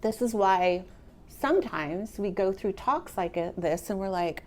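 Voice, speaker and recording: A middle-aged woman gives a motivational talk to a roomful of listeners, chatty and lively as she speaks to them directly. Her voice sits at an ordinary mid pitch. A faint room hum runs under the recording. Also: a little slow. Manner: conversational, animated, addresses the audience directly. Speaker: real estate speaker. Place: meeting room with a live audience.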